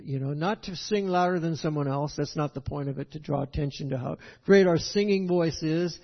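An older man preaching a sermon, folksy and rambling, often checking with "right?". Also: on the high side. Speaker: pastor. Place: church sanctuary. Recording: echoey hall, dull lo-fi sound.

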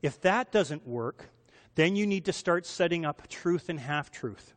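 A man's voice: on the high side, lively intonation, unhurried. A man preaching a sermon in a conversational way. He asks his listeners rhetorical questions and puts on lighter voices for the people he quotes. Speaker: pastor. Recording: long hall reverb.

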